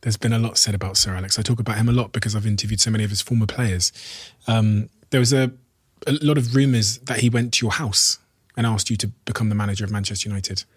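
Fast-talking husky male interviewer. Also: on the low side, steady tone, no echo, clean studio sound. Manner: quick, probing questions. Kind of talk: interview questions.

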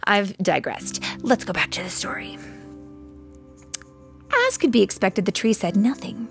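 A woman reads a storybook aloud at an unhurried pace, her voice lively and rising and falling. She has a gravelly edge in her voice and breaks off to chat with a child. Soft music plays behind her. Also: mid-range voice. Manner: slow, animated, stops to chat with the child.

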